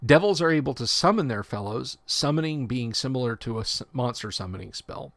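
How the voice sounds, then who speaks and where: A man's voice: mid-range voice, expressive, a little fast, creaky, no room sound. A man hosting a casual livestream, reading tabletop rule text aloud and breaking off for joking asides and self-corrections. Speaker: livestream host.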